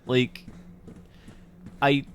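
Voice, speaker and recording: A man's voice: drawn-out words, slight background noise. A young man streaming a game, rambling through casual commentary with profanity and tangents.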